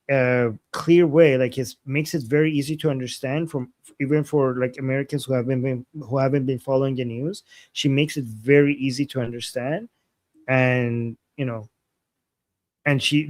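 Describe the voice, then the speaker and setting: A man's voice: medium pitch, steady tone, normal speed, a little mellow, no echo, studio quality. A man co-hosting a live stream in casual chat, rambling and restarting his sentences with lots of "like.". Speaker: co-host of a live analysis stream.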